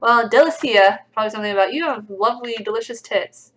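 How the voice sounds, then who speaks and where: A woman's voice: on the high side, quick pace, a bit bright, low-quality recording. Sarcastic young woman reading comments. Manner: sarcastic, reads comments aloud with laughs. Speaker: livestream host reading comments. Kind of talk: casual livestream chat.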